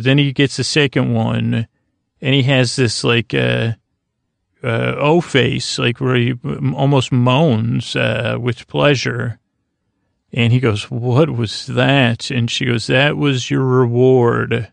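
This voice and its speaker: A man's voice: mid-range voice, gravelly, no echo. A man hosting a podcast, giving a drowsy, meandering recap of a TV episode, full of fillers and restarts. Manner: meandering, filler-heavy, halting. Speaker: podcast host.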